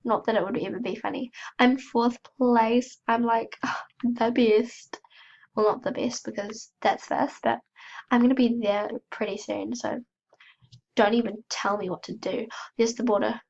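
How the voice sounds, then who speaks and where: A gaming channel host with a cold offers chatty, self-mocking commentary while she plays, gasping and squealing when startled. Her voice is a little high, steady, a little slow, gravelly and darkish, with long pauses, and the recording is muffled.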